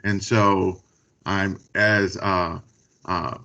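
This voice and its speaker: Gravelly, earnest middle-aged man from Texas. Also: deep voice, flat delivery, sharp tone. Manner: earnest, halting, many fillers and restarts. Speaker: university dean staff member. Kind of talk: spontaneous remarks at an online event. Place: video call. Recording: dull video call audio.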